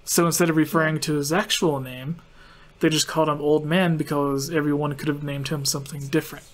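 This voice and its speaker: A man's voice: a little high, flat delivery, a little fast. A man hosting a casual chat, explaining at length with lots of fillers. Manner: rambling, filler-heavy explaining. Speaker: podcast host.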